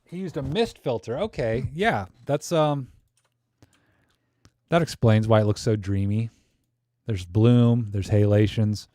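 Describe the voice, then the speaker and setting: A man's voice: mid-range voice, a little slow, pauses often, mellow. Guy doing a live photo critique, jokey and rambly, mid voice, dry no-echo sound. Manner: joking, rambling, thinks aloud with many fillers. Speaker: livestream host critiquing viewer photos. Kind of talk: casual live-stream chat.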